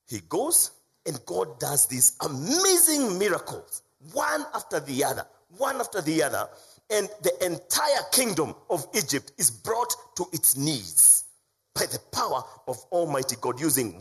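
A man preaching a sermon as pastor, swinging from loud, raised emphasis down to low, quiet lines. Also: breathy edge.

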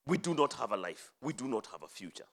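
A man preaching a sermon, reading scripture aloud and explaining it, rising to loud emphatic phrases and dropping to low, quiet endings. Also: big pitch swings, fast talker. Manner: dramatic swings from loud high emphasis to low hushed endings.

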